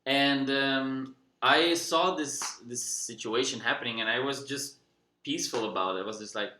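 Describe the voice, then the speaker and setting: A man vlogging, telling a personal story in a relaxed, calm way, with many fillers and restarts. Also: mid-range voice, normal speed, reverberant. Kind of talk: casual storytelling.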